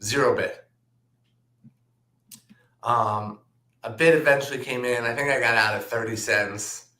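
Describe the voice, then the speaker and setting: A man, a trader, telling stories from his career in a relaxed anecdotal way, with plenty of "um" and "like". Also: medium pitch, unhurried. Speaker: trader and guest. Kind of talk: casual storytelling. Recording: roomy echo.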